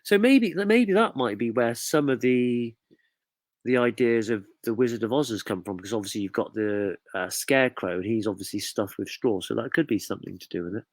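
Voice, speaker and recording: A man's voice: medium pitch, brisk, dry recording. A man from the UK hosting a casual live quiz, jokey and chatty as he reads out viewers' comments. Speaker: quiz host.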